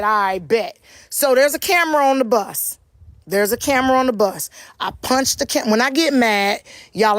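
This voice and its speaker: A woman telling a profane, animated storytime straight to her viewers. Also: medium pitch, no echo. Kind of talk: casual storytime monologue.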